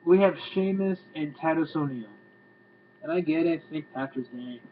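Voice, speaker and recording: A man's voice: a little high, moderate pace. A man rants through a casual video review, rambling and exasperated and cursing freely. The sound is thin and tinny, like a phone line. A faint hum runs underneath. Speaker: wrestling reviewer.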